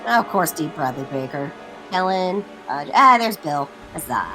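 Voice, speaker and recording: A woman's voice: low-pitched, lively intonation, moderate pace, low-quality recording. A woman co-hosting a game stream, dropping dry, teasing quips in casual chat. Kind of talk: casual gameplay commentary. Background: game music.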